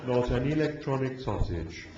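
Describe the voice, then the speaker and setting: A man voicing a gloomy, depressed male robot in a slow, deadpan, mournful way during a live story reading. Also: medium pitch, close to an everyday voice. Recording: echoey hall, dull muffled sound, noisy.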